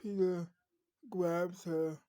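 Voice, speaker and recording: A woman narrates an improvised story in a slow, unhurried voice. Her tone is mellow and soft-spoken, halting at times and slipping into whispers. The recording is dry and close. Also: lowish voice, steady tone, no echo, poor audio.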